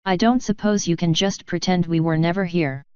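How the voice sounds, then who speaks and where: Woman doing sarcastic guarded male hero, fan fiction audiobook, low smooth voice, dull lo-fi sound. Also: fairly even intonation, normal speed, darkish tone, dry recording, close to an everyday voice. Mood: exasperated. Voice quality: sarcastic, exasperated.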